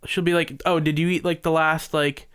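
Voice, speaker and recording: A young man co-hosting a podcast tells long, rambling stories packed with fillers and acted-out quotes in casual chat. His voice is a little high, fairly bright, and clean, with a level tone and moderate pace.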